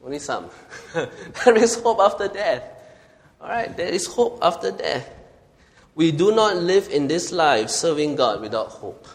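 A man's voice: fairly high pitch, animated, measured pace. A man preaching a sermon who reads scripture aloud and drives his points home by repeating them with emphasis. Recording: reverberant hall.

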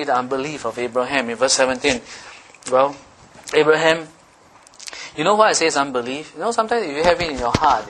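A man's voice: on the high side, a bit bright, slight background noise. A male pastor giving a sermon in a playful, teasing way, often checking in with his listeners.

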